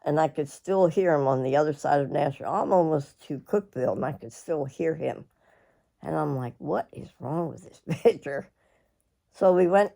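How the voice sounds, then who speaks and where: A middle-aged woman, telling a personal story in a rambling, halting way, often clearing her throat. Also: lowish voice, dark tone. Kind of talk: casual storytelling.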